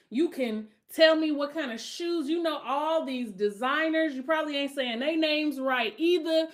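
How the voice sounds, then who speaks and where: A middle-aged woman hosting her own podcast, talking casually and bluntly with strong opinions, now and then rising into loud emphatic outbursts. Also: sits high. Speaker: podcast host. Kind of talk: casual solo podcast rant.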